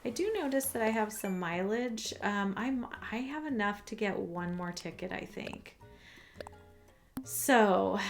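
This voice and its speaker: A woman hosting a casual video game vlog, talking excitedly and chatting straight to her viewers. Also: medium pitch, slow pace. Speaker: gaming channel host. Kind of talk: casual gameplay commentary. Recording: background game music.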